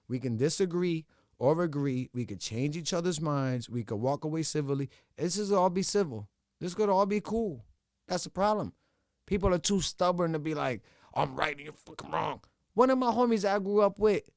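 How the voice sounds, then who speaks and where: A man's voice: on the high side, animated, moderate pace, darkish tone, dry recording, clean studio sound. A man hosting a solo podcast, talking bluntly and profanely in a heated rant. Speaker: podcast host.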